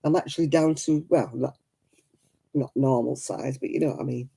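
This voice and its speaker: A middle-aged crafting livestream host from Lancashire, England, talks at a moderate pace in a very deep, warm, husky and creaky voice with fairly even intonation and a Lancashire accent. Coughing and rough-throated, she chats casually, laughs and names viewers as she greets them.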